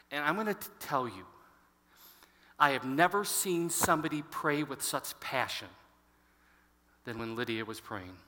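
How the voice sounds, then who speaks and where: Man, fifties, pastor, storytelling sermon, reverberant church hall. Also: a little high. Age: 50s. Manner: storytelling, animated, addresses the congregation.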